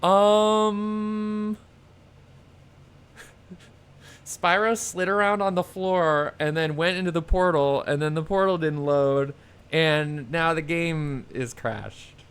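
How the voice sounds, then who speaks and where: A man's voice: on the high side, fairly even intonation, slow, pauses often, a bit bright, clean tone. A man giving casual, rambling commentary over a video game he is playing, sarcastic and swearing when annoyed. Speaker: let's play streamer. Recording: faint game music behind.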